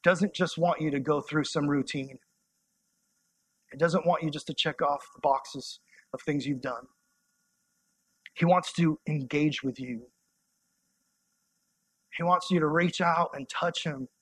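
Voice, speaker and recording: A young man preaching a sermon as a youth pastor, conversational and impassioned, sometimes dropping to soft, intimate tones. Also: fairly high pitch, steady tone, measured pace, long pauses, breathy edge.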